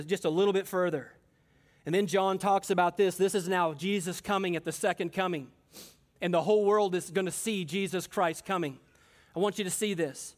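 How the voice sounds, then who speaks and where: A man's voice: high-pitched, a bit bright. A man preaching a sermon, fervent and emphatic, speaking straight to his listeners. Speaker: pastor.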